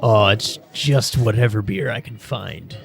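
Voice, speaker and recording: A man voicing Titus, a male bartender who has spent years at sea, speaking in a halting, hesitant way. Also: fairly low pitch, creaky, soft background music. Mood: calm.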